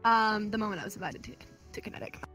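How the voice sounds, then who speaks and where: A young-sounding woman chatting as an interview guest, bubbly and animated as she tells stories, with faint music behind her. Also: medium pitch, quick pace. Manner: bubbly, giggly, animated storytelling. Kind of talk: casual chat. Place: virtual reality social game session.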